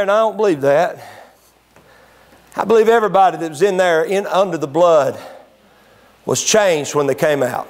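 A pastor with a high voice preaches a fervent sermon at a church service, his delivery swelling loud and high before sinking low and quiet. He speaks at a normal speed, leaving long pauses.

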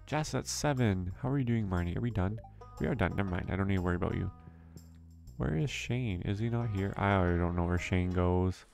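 A man hosting a relaxed let's play, thinking aloud and correcting himself as he plays. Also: on the low side, brisk, gravelly. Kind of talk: relaxed gameplay commentary. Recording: faint game music behind.

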